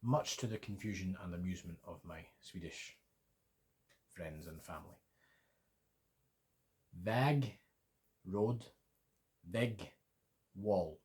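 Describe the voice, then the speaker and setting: A man's voice: deep voice, normal speed, darkish tone. A man whose first language is English teaching Swedish vowels, spelling out letters and patiently repeating sounds. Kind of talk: slow, deliberate pronunciation lesson.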